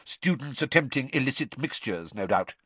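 A man's voice: mid-range voice, lively intonation, normal speed, breathy edge, dry recording. A man doing a cold hissing potions master. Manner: cold, soft and dangerous, hissing.

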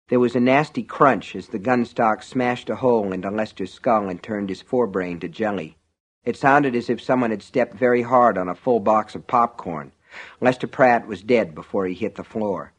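Guy reading a crime thriller audiobook, steady and vivid, mid pitched. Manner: measured, vivid storytelling. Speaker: audiobook narrator. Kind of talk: scripted narration.

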